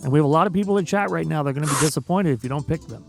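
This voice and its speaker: A male interview host chats casually on a stream, his gravelly, mid-pitched voice quick to laugh. He's an animated storyteller, with faint background music behind him.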